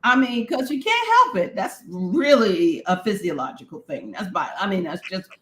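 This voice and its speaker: A woman's voice: medium pitch, sing-song, normal speed, echoey room, rough recording. A woman co-hosting a podcast in casual chat, telling stories and acting out the people she quotes. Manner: storytelling, acts out quoted voices with laughter. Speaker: podcast co-host.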